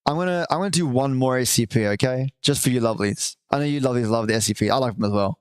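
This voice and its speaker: A man hosting a live stream, chatting casually and warmly with viewers and reading aloud, with the odd swear. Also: mid-range voice, racing, clear, resonant tone, no room sound. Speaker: livestream host.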